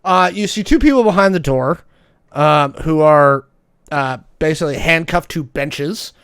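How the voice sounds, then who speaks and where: Smooth-voiced man running a tabletop game. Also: on the high side, a little slow, a bit bright, no room sound, clean studio sound. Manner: descriptive, with many fillers. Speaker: game master.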